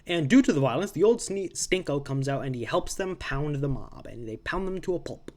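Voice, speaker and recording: A young man casually recapping old comic books, rambling with quick asides and restarts. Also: on the high side. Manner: rambling, self-interrupting, animated asides. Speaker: comics reviewer.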